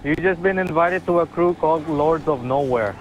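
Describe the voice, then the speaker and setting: A man's voice: a little high, moderate pace, a little hiss or hum. A man chatting playfully with friends during an online race, laughing often. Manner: lively, playful, laughs a lot. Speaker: gamer friend. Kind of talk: casual chat over voice chat.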